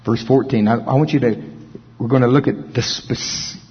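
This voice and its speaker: A middle-aged male pastor preaching a sermon, folksy and storytelling, with chuckles and hushed dramatic pauses. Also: medium pitch, steady tone, breathy edge. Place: large auditorium. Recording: dull, long-reverb hall sound.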